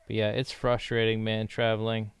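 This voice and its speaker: A man's voice: lowish voice, monotone, moderate pace, clear, resonant tone, dry recording, clean studio sound. A young man from the United States chatting casually in a rambling way, laughing often while he works through language lessons. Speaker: vlogger learning a language. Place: living in Brazil.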